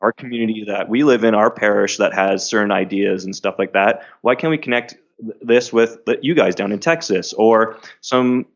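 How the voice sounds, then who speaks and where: A man speaking as a podcast guest, earnest and quick to laugh. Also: fairly low pitch, vocal fry, lo-fi sound. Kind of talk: casual interview.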